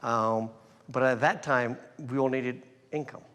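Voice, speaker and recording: Guest from England, middle-pitched, loose storyteller, reverberant hall sound. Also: male voice, unhurried, clear, resonant tone. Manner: relaxed storytelling, laughs often, many fillers. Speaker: guest entrepreneur. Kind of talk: conversational interview. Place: hall before a live crowd.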